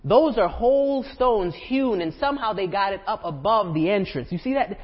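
A man's voice: high-pitched, animated, moderate pace, breathy edge, in a large hall, highs cut off. A man preaching a sermon as pastor, talking conversationally and asking the congregation rhetorical questions. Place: church sanctuary.

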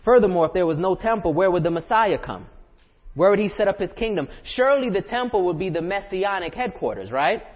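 A man's voice: high-pitched, animated, a little fast, long reverb tail, muffled recording. A man preaching a sermon as pastor, talking conversationally and asking the congregation rhetorical questions. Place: church sanctuary.

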